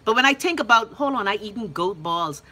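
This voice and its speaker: A woman's voice: medium pitch, lively intonation, fairly quick, pushed and bright. A brash, profane young Bahamian woman hosting a live call-in show, reading viewer comments and teasing them by name. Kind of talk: loud casual livestream chat reading viewer comments.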